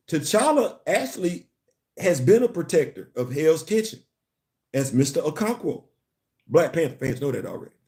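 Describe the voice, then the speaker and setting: A man hosting a casual live commentary stream on comics, repeating words and stopping to greet viewers. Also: fairly high pitch. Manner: animated, repeats words, laughs and chats with viewers. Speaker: commentary channel host.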